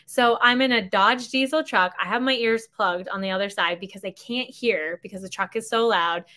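Bright-voiced chatty woman telling a story. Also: a little high, normal speed. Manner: chatty, animated, acts out quoted dialogue. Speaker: podcast host. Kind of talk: casual storytelling monologue.

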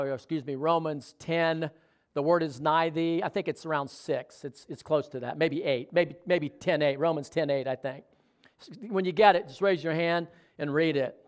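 A pastor preaches a sermon conversationally, his voice a little high, frequently putting questions to the congregation.

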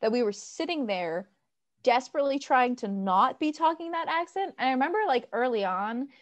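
Giggly young American woman, bright and dry. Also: high-pitched, normal speed, no echo. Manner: giggly, animated, lots of "like". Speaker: podcast co-host. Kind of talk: casual chat.

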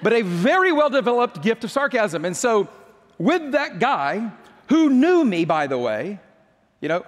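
A man with a notably high voice tells a personal story from the pulpit. He is a chatty, self-mocking storyteller who trips over his words and restarts often. His voice rings out in a big hall with a long reverb tail. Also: big pitch swings, moderate pace. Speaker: pastor. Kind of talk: storytelling sermon.

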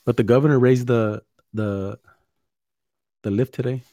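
A man's voice: medium pitch, fairly even intonation, measured pace, dark tone. Man, casual profane chat. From California. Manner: swears a lot, mixes in Spanish slang. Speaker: podcast host.

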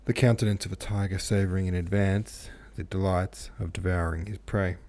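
A man narrating a classic novel aloud in a measured reading voice. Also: low voice, fairly even intonation, darkish tone. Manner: measured, occasionally self-correcting. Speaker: audiobook narrator.

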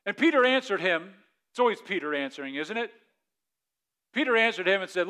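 Male pastor, sermon, fairly high voice, animated storytelling, dramatic shifts from loud to hushed. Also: brisk, long pauses. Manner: animated storytelling, acts out the disciples' panic in a raised voice; drops to a quiet, soft delivery for reflective points.

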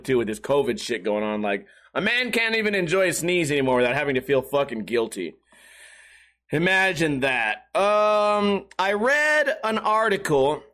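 A young man hosts a solo podcast, riffing on whatever comes to mind with crude, self-mocking humor. His voice sits high and swings widely in pitch as he rambles. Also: bright, forceful tone. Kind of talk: solo comedic monologue.

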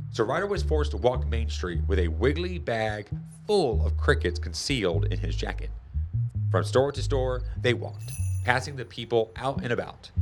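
A man reading a children's chapter book aloud in a lively, expressive storytelling manner. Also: lowish voice. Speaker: storybook reader. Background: music.

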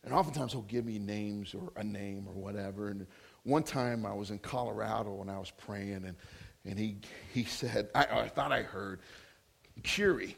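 A man preaching as a guest speaker in a church, laughing often and repeating words when excited. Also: on the low side, moderate pace, vocal fry, husky. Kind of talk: sermon with prophetic words. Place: church hall.

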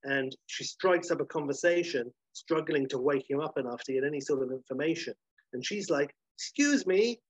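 A man narrating an improvised story in an animated, casual way with filler phrases. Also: medium pitch, a little fast, husky, dry recording. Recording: dull lo-fi recording.

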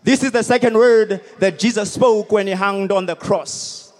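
A man preaching a sermon as pastor at a stadium service, emphatic and repetitive, rising to shouted peaks. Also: high-pitched, steady tone, normal speed.

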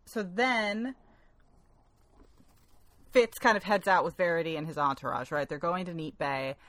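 A woman's voice: on the low side, a little slow, fairly bright tone, dry recording. A woman co-hosting a casual podcast about a novel, often laughing and reading passages aloud. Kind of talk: casual book club podcast chat.

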